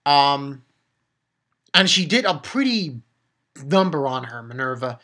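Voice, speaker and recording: Excitable, rambling man with a bright voice. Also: mid-range voice, slow pace. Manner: rambling, profane, with many restarts. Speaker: manga chapter reviewer. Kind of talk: casual unscripted recap.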